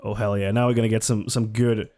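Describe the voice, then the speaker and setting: A streamer giving sarcastic, laughing, animated commentary on a live stream. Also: medium pitch, quick pace, noisy background.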